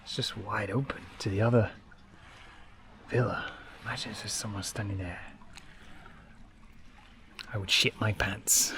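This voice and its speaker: A man telling a travel vlog story in a jokey, animated way, now and then dropping to a hush, outside a villa at night. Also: lowish voice, measured pace, pauses often, a little hiss or hum. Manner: animated, jokey, drops to hushed tones. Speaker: travel vlogger. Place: villa pool area at night.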